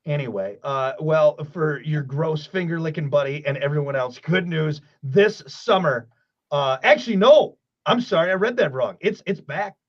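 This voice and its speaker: A man hosting a morning radio show, bantering in an animated, jokey way, swinging between loud outbursts and quiet asides. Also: on the high side, moderate pace, dull audio. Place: radio studio.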